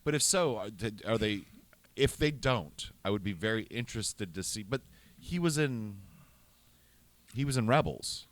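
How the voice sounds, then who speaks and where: A man co-hosting a podcast in casual chat, rambling and excitable, often restarting his sentences. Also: lowish voice, normal speed. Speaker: podcast co-host.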